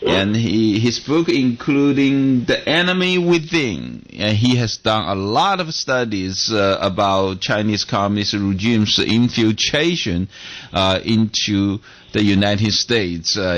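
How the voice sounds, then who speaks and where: A man co-hosting a radio talk show, speaking haltingly with many fillers. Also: fairly low pitch, fairly bright tone. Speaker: radio co-host.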